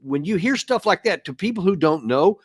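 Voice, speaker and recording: A man's voice: high-pitched, animated, fairly quick, dry recording. Guy hosting an interview, casual chatty tone, dry close sound. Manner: casual, conversational, sets up questions. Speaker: host. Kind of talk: interview conversation.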